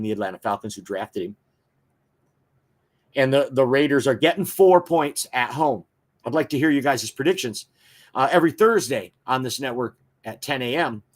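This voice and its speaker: A man's voice: mid-range voice, fairly bright tone. A man hosting a football talk show, giving fan opinions and reading viewer comments in a casual, chatty way with frequent filler words.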